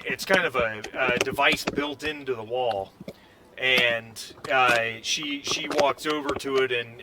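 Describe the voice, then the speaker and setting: A man running a tabletop game as game master, narrating haltingly with many restarts. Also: medium pitch, noisy background. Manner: halting, full of fillers and restarts.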